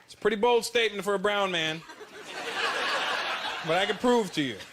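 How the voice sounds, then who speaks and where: A Canadian-accented man doing stand-up with a brash, animated, mock-confidential delivery. His voice runs high for a man, heard over loud, noisy live-stage sound. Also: moderate pace, over a noisy crowd. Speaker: stand-up comedian. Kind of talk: stand-up comedy routine. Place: stage before a live audience.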